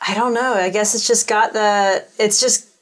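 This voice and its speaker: A woman's voice: mid-range voice, steady tone, normal speed, fairly bright tone. A woman co-hosting a show, chatting casually with short agreeing replies and light teasing. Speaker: co-host. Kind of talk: casual chat.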